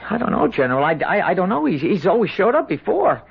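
An actor playing a frightened young colonial captive who stammers, pleads and chants in a 1970s radio drama. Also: male voice, sits high, sing-song, quick pace, vocal fry, breathy edge, heavily acted. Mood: pleading. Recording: dull old radio broadcast.

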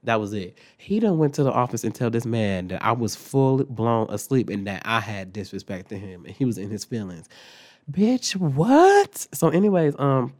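Young guy venting to the camera, cussing a lot, exasperated, goes loud then drops low. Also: normal speed, few pauses. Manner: animated, profane, exasperated storytelling. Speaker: vlogger. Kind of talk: casual storytelling rant.

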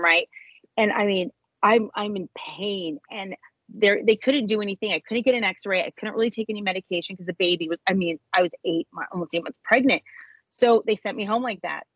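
Woman guest, husky, emotional storyteller; slightly dull recording. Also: brisk, dry recording. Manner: animated storyteller, voice jumps high when reenacting. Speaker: interview guest, author. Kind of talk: emotional personal testimony.

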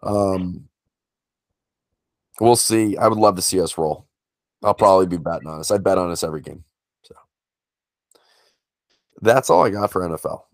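A man's voice: low-pitched, moderate pace, long pauses, no echo. A man co-hosting a sports betting podcast, talking in a rambling, emotional fan's way with frequent restarts. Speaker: podcast co-host. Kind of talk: casual sports betting chat.

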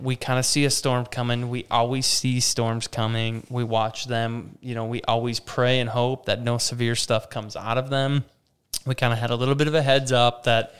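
Telling a story in conversation, a young campground operations manager uses a clear, resonant voice in the mid range. He animatedly retells what people said, doing their voices, with many "like"s.

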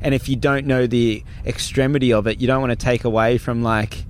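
Relaxed host, mid-pitched man who rambles through questions. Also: fairly quick, slight background noise. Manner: relaxed, rambling, heavy use of "like". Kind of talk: casual podcast chat.

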